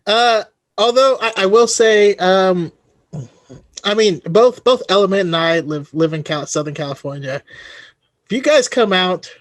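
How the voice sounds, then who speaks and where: A man hosting a casual podcast chat, friendly and halting, often restarting his sentences. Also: sits high, dry recording. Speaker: podcast host.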